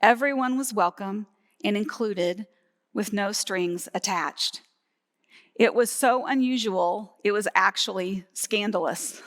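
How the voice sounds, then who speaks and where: A woman's voice: mid-range voice, fairly bright tone. A woman pastor delivering a live Sunday sermon, teaching steadily and laughing lightly now and then. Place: church sanctuary, live service. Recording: long hall reverb from a church.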